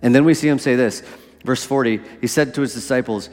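A man's voice: medium pitch, fairly quick, a little mellow. Male preacher, easygoing sermon delivery, mid-range voice, hall echo. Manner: conversational, asks "right?" often.

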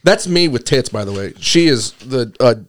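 A man's voice: mid-range voice, normal speed. A man co-hosting a casual podcast, joking at his own expense and swearing freely. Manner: animated, self-mocking, profane. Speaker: podcast co-host. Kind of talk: casual profane banter.

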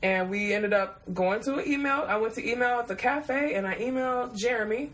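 A woman's voice: a little high, fairly quick, a bit bright, low-quality recording. Profane, laughing woman telling a story. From Detroit, USA. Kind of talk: casual storytelling.

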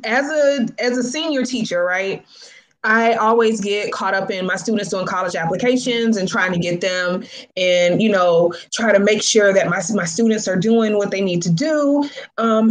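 A woman who works as a senior high school teacher, talking casually and acting out the people she quotes in raised voices. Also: low-quality recording. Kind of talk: casual storytelling talk.

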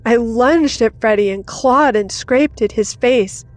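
A woman's voice: on the high side, measured pace. A woman reading a first-person horror story in a dramatic scripted narration. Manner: dramatic, rising to intense in action. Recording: soft music under the voice.

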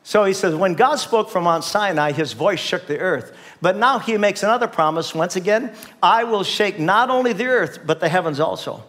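An older pastor delivers a sermon in a church sanctuary, emphatic and repetitive. He keeps calling on the congregation to answer him, and his voice sits somewhat high for a man. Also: expressive, normal speed, few pauses, a bit bright.

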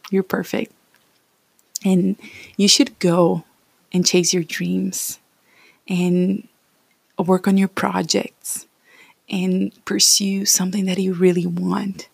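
A woman's voice: fairly low pitch, gravelly, a little mellow, husky, dry recording. A woman in her thirties from Brazil with a Brazilian Portuguese accent, talking in a rambling, encouraging casual vlog.

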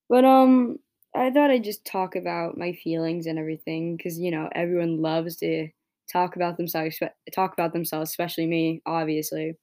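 A woman's voice: lowish voice, fairly even intonation, moderate pace. Rambling young woman venting casually. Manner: rambling, swearing, frequent "like" and "right?"; gets heated and louder when frustrated. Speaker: podcast host. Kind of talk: casual monologue.

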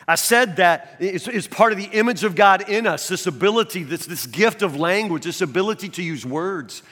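A man preaching a sermon as a pastor in a conversational, animated way, recorded in a church sanctuary. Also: high-pitched, moderate pace. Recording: long reverb of a large church hall.

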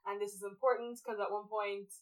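A woman in casual chat, retelling a story in a rambling, animated way and acting out quotes. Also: mid-range voice, a little fast, recorded from a distance, low-quality recording. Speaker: podcast co-host summarizing a book series.

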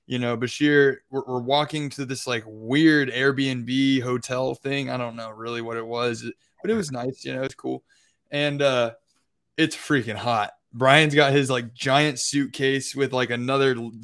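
A man's voice: medium pitch, fairly bright tone, smooth. A young man co-hosting a podcast, telling a travel story in a loose, rambling way with lots of filler words. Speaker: podcast co-host. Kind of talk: casual storytelling.

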